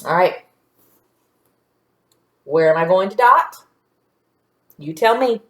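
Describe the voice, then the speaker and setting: Lady teacher sounding out syllables real slow for little kids, lowish voice, echoey room. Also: animated, a bit bright. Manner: slow, patient, stretching out sounds. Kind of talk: phonics lesson to young children.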